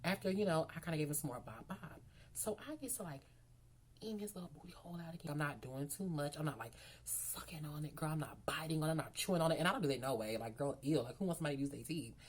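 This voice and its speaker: A woman's voice: low-pitched, quick pace, slightly rough. A woman, chatting frankly through a storytime. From Memphis, Tennessee. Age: 20s. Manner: chatty, frank, heavy fillers. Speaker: vlogger. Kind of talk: storytime chat.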